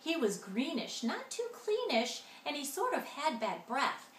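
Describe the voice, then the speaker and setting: A woman reads a rhyming picture book aloud in a sing-song way, with a bright, high voice that swings up and down. The reading carries in an echoey room with a faint hum of ambience behind it. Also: huge pitch swings, measured pace. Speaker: storyteller.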